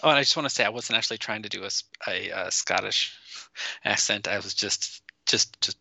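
A man's voice: lowish voice, brisk, gravelly, bright, forceful tone, no room sound. A man co-hosting a casual podcast chat, rambling through jokey asides. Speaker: podcast co-host.

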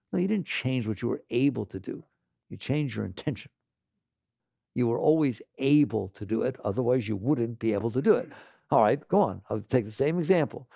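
Male teacher, gravelly voice, dry close sound, emphatic storyteller who keeps asking "right?". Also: medium pitch, warm tone, no room sound. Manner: tells stories and acts out other people's lines. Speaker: spiritual teacher. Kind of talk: spoken teaching talk to an audience.

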